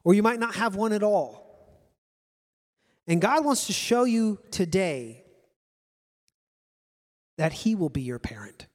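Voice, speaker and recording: A man's voice: high voice, lively intonation, slow pace, long pauses, long reverb tail. A male pastor preaching a sermon to his congregation, earnest and repeating key phrases for emphasis.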